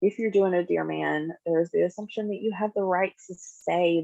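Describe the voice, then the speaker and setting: Gravelly-voiced woman teaching a skills class. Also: fairly low pitch, normal speed, few pauses, dry recording. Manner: conversational, acts out example dialogue in lively voices. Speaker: skills group therapist. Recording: dull, dry lo-fi recording.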